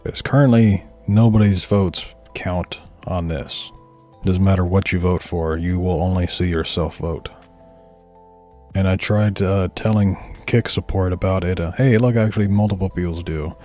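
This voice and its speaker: A man's voice: low voice, normal speed, dark tone, faint music behind. A man giving blunt, opinionated commentary on a stream and swearing freely. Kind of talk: casual commentary over footage.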